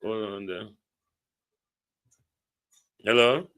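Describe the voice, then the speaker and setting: Slow-talking Jamaican man hosting a live stream. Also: fairly low pitch, fairly bright tone. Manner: reads out viewer names and a phone number, chats loosely. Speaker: livestream host. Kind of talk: casual live-stream chat. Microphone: phone or computer mic on a live stream.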